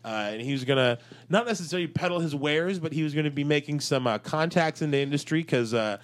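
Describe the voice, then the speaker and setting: A man's voice: a little high, fast. Rambling, swearing podcast co-host man. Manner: rambling storyteller, swears freely, many fillers. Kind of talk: casual chat.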